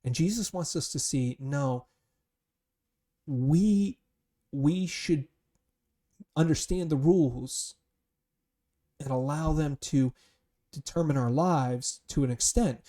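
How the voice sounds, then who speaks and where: A man's voice: fairly high pitch, slow pace, long pauses, mellow. A man teaching a Bible study, speaking earnestly and thoughtfully, sometimes restarting his phrases. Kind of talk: reflective Bible study talk.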